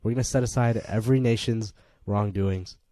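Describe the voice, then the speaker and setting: Dark-voiced young man on a casual podcast. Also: lowish voice, fairly quick, no room sound, clean studio sound. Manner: swearing, playful, bursts of excitement. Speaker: podcast co-host. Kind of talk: casual chat.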